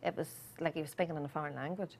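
A woman's voice: low voice, steady tone, very fast, creaky, darkish tone, a little hiss or hum. A woman, a guest mother speaking earnestly about her young son in a casual chat. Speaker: guest, mother of an autistic boy.

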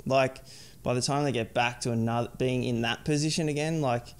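A man's voice: mid-range voice, steady tone, brisk, clear, resonant tone. A young adult man chatting casually as a podcast guest, rambling and filling his sentences with "like". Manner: rambling, heavy use of "like". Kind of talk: casual chat.

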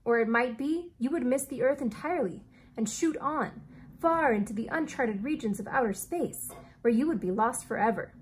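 Lady teacher doing a fussy formal inventor guy, slow careful old-fashioned talk, kinda high voice. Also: lively intonation, a little hiss or hum, close to an everyday voice. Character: eccentric formal male inventor, precise and kindly.

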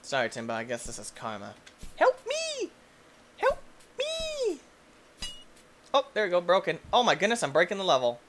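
A young man giving goofy, excitable commentary while he plays a video game, often yelping and shouting. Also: a little high, very fast, hardly any pauses, background noise. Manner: goofy and excitable, shouts and yelps, silly quoted voices. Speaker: gaming YouTuber. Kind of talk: energetic gameplay commentary.

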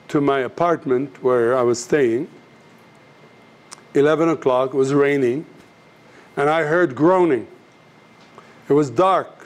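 A man's voice: a little high, a little mellow. A man teaching a class, speaking earnestly and directly to his students, telling stories and acting out the people in them. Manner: storytelling, acts out voices in anecdotes. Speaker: missions teacher.

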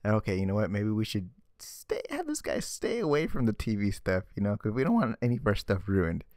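A man's voice: on the low side, very animated, brisk, darkish tone, no echo, studio quality. A man ranting sarcastically in a casual vlog commentary, exasperated and often stammering and repeating words. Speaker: vlogger. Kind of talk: ranting comic book commentary.

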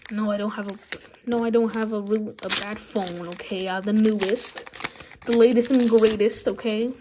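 A woman chatting casually as she opens trading card packs, excitable and pleading with the cards. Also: medium pitch, normal speed. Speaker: card-opening vlogger. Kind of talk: casual pack-opening commentary. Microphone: phone. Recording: loud wrapper crinkling and tearing noise. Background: crinkling, tearing foil packs.

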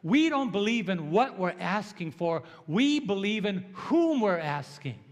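A pastor in his sixties from New York, preaching a sermon with animated storytelling and call-and-response. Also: high voice, a little slow. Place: church sanctuary. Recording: long church hall reverb.

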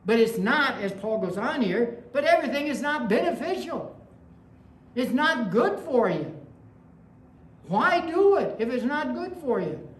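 Speaking a little slowly in a high-ish, very animated voice, a woman pastor delivers a conversational sermon full of anecdotes and rising emphasis. The recording sounds like an echoey room with faint ambience.

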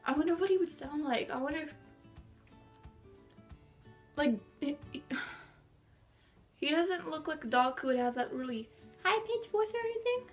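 A woman's voice: high-pitched, expressive, normal speed, pauses often, faint music behind. A teenage girl chatting to camera in her bedroom, rambling and bubbly. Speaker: vlogger. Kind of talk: casual chat to camera. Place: bedroom at home.

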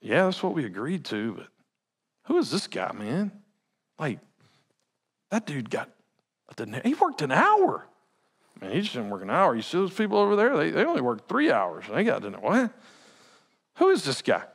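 A man voicing resentful male vineyard laborers who grumble to each other in casual slang, low and muttered. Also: huge pitch swings, normal speed, long pauses, breathy edge, full character voice. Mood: grumbling.

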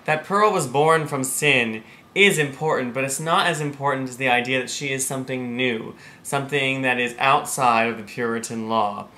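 A man's voice: mid-range voice, moderate pace, sharp tone. A man teaching an English literature lesson, explaining the text and reading passages aloud. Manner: explains then reads quoted passages dramatically.

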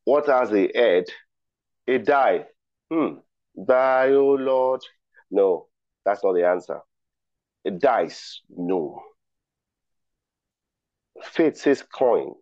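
Drawing out his words and leaving long pauses, a man with a lowish, darkish voice and lively intonation emcees a virtual ceremony. He runs a riddle quiz with playful teasing and reads replies from the chat. The call audio is dry, dull and lo-fi, with no echo.

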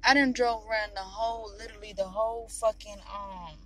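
A woman's voice: medium pitch, fairly even intonation, fairly quick, fairly bright tone, rough recording. A woman from Virginia, talking to herself in casual, profane chat while she drives and films on her phone. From Virginia, USA. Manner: chatty, profane, talks to herself and passing drivers. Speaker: vlogger. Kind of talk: casual self-filmed chat while driving. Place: inside a car on the road. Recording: car and road noise behind. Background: car engine and road noise.

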